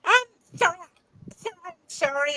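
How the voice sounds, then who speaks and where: A woman voicing a hoarse, nervous young ensign. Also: very high-pitched, expressive, sharp tone, heavily acted, low-quality recording. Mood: apologetic. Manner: apologetic, halting. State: hoarse, coughing. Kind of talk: amateur audio drama reading.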